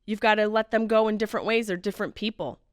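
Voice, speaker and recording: A woman in her late thirties hosting a podcast, delivering a wry comedic monologue that swings between loud outbursts and low mutters. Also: fast, no room sound, clean studio sound. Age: late 30s. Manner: animated, wry, mimics others in mock voices. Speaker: podcast host.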